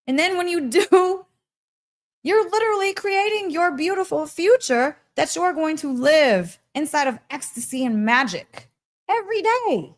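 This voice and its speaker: A woman's voice: extremely high pitch, expressive, measured pace. A woman hosting a podcast, giving a casual, heartfelt spiritual pep talk, laughing often and speaking emphatically. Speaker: podcast host.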